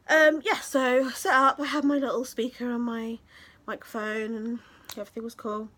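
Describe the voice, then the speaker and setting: A woman's voice: a little high, expressive, moderate pace, fairly bright tone. A young woman from England, telling a story in a casual vlog, chatty and gushing with many fillers. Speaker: vlogger.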